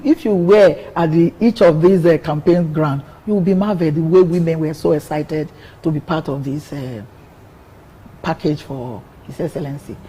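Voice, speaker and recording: A woman's voice: on the low side, warm tone, husky, low-quality recording. An older woman, a politician answering interview questions in an earnest way, often repeating words as she builds her point. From Nigeria.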